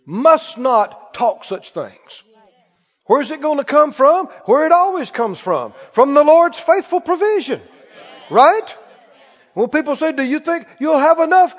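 A man preaching a lively sermon, calling out to the congregation and acting out anxious voices. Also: extremely high pitch, normal speed. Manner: animated, calls for responses, acts out worried voices. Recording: dull echoey hall recording.

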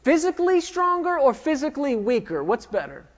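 A man's voice: very high-pitched, huge pitch swings, brisk, crowd noise. Man preaching in a reverberant hall. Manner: emphatic call-and-response questioning. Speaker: pastor. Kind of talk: sermon. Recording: dull lo-fi recording with long hall reverb.

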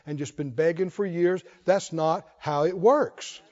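A man preaching a sermon as pastor, calling for responses from the congregation and rising into shouts. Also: a little high, unhurried, long reverb tail, muffled recording.

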